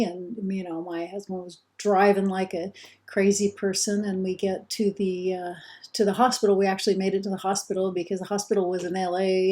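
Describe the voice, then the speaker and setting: A middle-aged woman lectures in a warm, mellow voice. She talks earnestly and conversationally, and often backs up to restart a phrase. Her pitch sits at a middling height for a woman. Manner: earnest, conversational, self-correcting. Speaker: instructor. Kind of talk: recorded course lecture.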